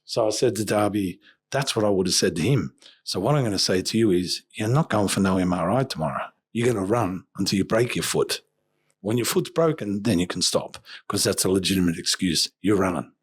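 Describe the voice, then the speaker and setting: A man's voice: on the low side, animated, fairly quick, husky. A man, a boxing coach telling a story on a podcast and acting out the lines of each person in it. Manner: emphatic storyteller who acts out quoted dialogue.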